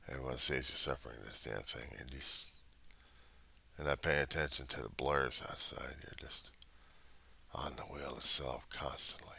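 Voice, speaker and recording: Man, very deep voice, bright edge, angry, rambling, profane diary monologue. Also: steady tone, normal speed, vocal fry, husky. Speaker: diarist.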